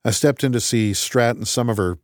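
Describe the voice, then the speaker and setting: A man reads a story in the first person, wry and conversational. His pitch sits in the middle, and the sound is dry and close to the mic. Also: a little fast, a little mellow, no echo. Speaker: audiobook narrator. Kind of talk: first-person audiobook narration.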